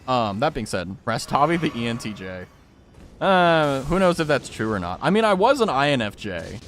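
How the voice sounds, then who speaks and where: A young man chats loosely with his stream while playing, joking and rambling between reactions to the game. His pitch swings dramatically from low mutters to high yelps. A faint hiss sits under the recording. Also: sing-song, moderate pace, a bit bright. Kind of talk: casual gaming stream chat.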